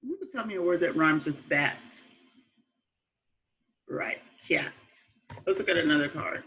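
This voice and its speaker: A woman teaching young children a phonics lesson, slow and patient, repeating words and praising them. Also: deep voice, expressive, fairly bright tone, muffled recording. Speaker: kindergarten teacher.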